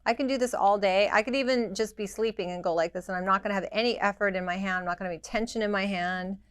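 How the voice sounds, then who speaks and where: In a hands-on demonstration, a woman with a mid-range voice teaches permanent makeup, speaking fast in a practical, direct way and mimicking the machine's rhythm with little sounds. Her tone is clean, and the studio-quality recording has no echo.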